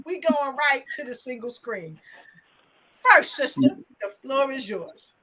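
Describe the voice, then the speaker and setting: A woman's voice: high-pitched, lively intonation, measured pace, bright, forceful tone, slightly rough, dry recording, rough recording. A woman hosting an online show over a video call, exuberant, cheering and whooping her guests on. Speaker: host.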